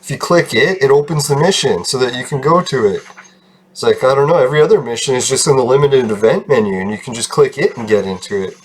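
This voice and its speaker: A man's voice: medium pitch, fast talker. Gaming host, male, mid-range voice, loose rambling commentary with frequent laughs, faint background hiss. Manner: rambling, self-deprecating, laughs often and swears. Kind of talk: casual gameplay commentary.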